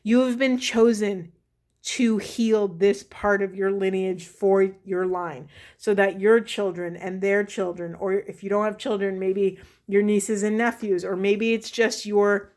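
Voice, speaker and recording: Woman, mid-pitched, solo tarot reader, reflective and halting, restarts often. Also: darkish tone. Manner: thinking aloud, halting restarts. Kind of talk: spiritual card reading.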